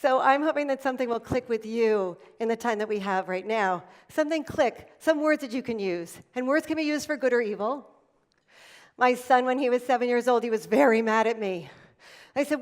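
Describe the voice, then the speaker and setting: A woman's voice: fairly high pitch, brisk, in a large hall. A middle-aged woman giving a motivational talk to an audience, emphatic and storytelling, repeating her key phrases. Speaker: keynote speaker. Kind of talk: motivational speech. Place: event stage before an audience.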